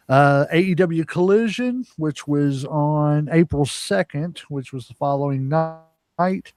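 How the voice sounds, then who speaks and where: A man's voice: on the high side, a little mellow, no room sound, clean studio sound. A man co-hosting a podcast, casually reading weekly wrestling results with lots of "uh" fillers. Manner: reads results with frequent "uh" fillers. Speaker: podcast co-host.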